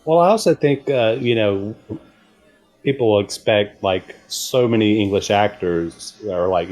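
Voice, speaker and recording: A middle-aged man co-hosts a podcast in casual conversation. His voice sits a bit low. He talks in a measured, agreeable way and thinks aloud as he goes. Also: darkish tone. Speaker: podcast co-host. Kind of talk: casual chat.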